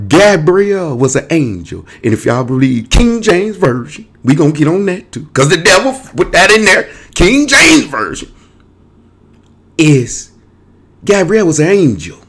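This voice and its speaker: This show host is a man with a high-pitched, fairly bright voice that has a breathy edge and big pitch swings. Speaking at normal speed, he delivers a rambling monologue to camera, restlessly hopping from topic to topic in a streetwise, casual style full of cursing.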